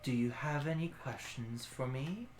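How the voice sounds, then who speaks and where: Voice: medium pitch, a little hiss or hum, close to an everyday voice. A game master voicing an ancient dragon brood mother. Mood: solemn. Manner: slow, hushed, deliberate speech. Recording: echoey room.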